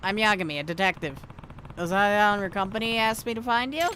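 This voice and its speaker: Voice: mid-range voice, fairly quick, pushed and bright, a little hiss or hum. A streamer casually reading video game dialogue aloud, with wry asides.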